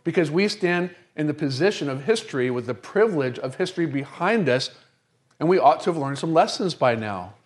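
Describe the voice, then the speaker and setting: A middle-aged man, a pastor preaching a sermon, who asks rhetorical questions and slows down to stress key phrases. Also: a little high, animated.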